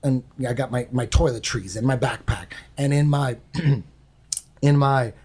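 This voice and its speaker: A man casually telling an animated, profane story on a podcast, acting out voices and sounds. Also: mid-range voice, unhurried, slightly rough. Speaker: guest storyteller.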